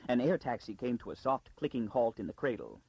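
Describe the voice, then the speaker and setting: A man narrating an audiobook in a dramatic storytelling style with a gravelly, husky voice. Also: mid-range voice, sing-song, a little fast, a little mellow, dry recording, poor audio. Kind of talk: scripted narration.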